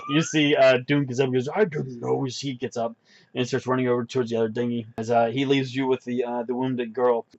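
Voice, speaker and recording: Man narrating a game over music. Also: medium pitch. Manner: rambling, filler-heavy narration. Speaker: game master. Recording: background music.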